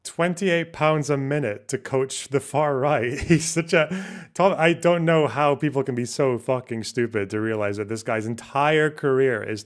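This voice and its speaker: A man commenting on a live stream, reacting to a clip with sarcastic, profane remarks. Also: mid-range voice. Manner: sarcastic, profane, laughs at the video.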